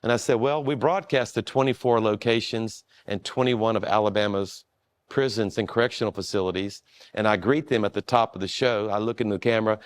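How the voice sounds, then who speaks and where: A man who is a pastor, telling a story in a relaxed, self-deprecating way with frequent restarts. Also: on the low side, brisk, no echo. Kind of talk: storytelling in a conversation.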